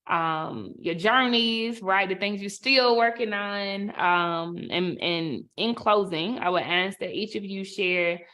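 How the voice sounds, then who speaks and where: A woman moderating a virtual panel on a video call, gentle and affirming, speaking softly as she wraps up. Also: mid-range voice, takes it slowly, few pauses. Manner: gentle, affirming, soft-spoken.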